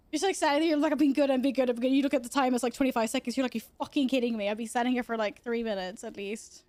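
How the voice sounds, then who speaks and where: A young woman streams from her computer at home, her voice sitting high with a darkish tone and no echo. She chats casually, swears freely, and coos at her cats.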